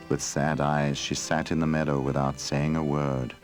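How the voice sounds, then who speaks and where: A man reading a children's storybook game aloud as narrator, gentle and measured. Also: a bass voice, little pitch movement. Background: faint music.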